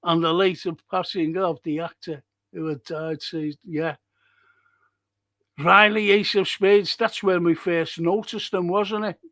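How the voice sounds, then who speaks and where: A man's voice: high-pitched, fairly even intonation, a little slow, fairly bright tone. A man hosting a live stream, reading out chat comments and telling rambling stories. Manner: rambling, chatty storytelling with restarts. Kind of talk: casual chat.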